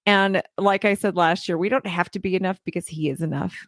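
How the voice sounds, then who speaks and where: A woman's voice: fairly low pitch, fairly even intonation, a little fast, fairly bright tone, dry recording, studio quality. A woman in her forties hosting a heartfelt live-stream talk, earnest and emotional, repeating phrases for emphasis. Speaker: podcast host and child care business coach.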